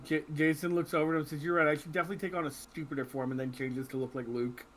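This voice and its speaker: Male player, quick, fairly high voice, playful. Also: fairly even intonation, fairly bright tone, a little hiss or hum. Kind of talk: tabletop role-play.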